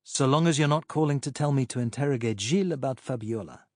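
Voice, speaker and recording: A woman's voice: extremely low pitch, fast talker, a little mellow, no room sound, studio quality. A man voicing a woman on the phone who teases in a lightly amused way. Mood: curious. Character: warm teasing woman on the phone.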